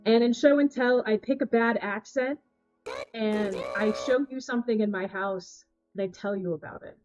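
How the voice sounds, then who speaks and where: A woman streaming live, gushing and thanking her chat in casual, excitable talk. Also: a little high, normal speed, dull audio, faint music behind. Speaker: Twitch cooking streamer.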